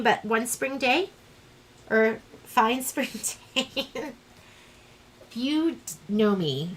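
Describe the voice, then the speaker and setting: A woman's voice: on the high side, fairly bright tone, poor audio. A woman teaching a live online sewing class, chatting in a rambling, self-deprecating way as she works. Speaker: sewing instructor.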